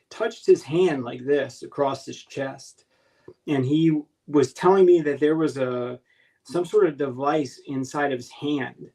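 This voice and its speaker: Halting man telling a strange story. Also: on the high side, darkish tone, low-quality recording. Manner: halting, searching for words with many restarts. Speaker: guest recounting an encounter. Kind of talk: casual spoken storytelling.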